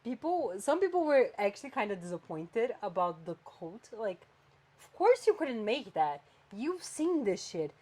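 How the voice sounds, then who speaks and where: A woman's voice: mid-range voice, normal speed, slightly rough. Chatty woman podcast host. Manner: animated, chatty, swings between flat and emphatic. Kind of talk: casual chat.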